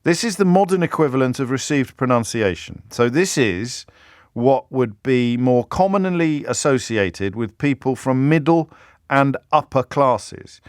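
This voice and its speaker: Middle-aged radio host, musing and chatty, stammered restarts, dry close mic. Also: male voice, medium pitch, animated, a little slow, no echo. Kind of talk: live talk-radio monologue. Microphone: studio microphone.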